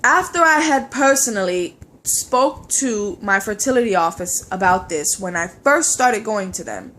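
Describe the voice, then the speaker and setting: A young woman with a stuffy nose from a cold, venting in a frustrated, halting personal vlog with many fillers and restarts. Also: medium pitch, lively intonation, fairly bright tone. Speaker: vlogger. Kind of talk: emotional personal vlog rant.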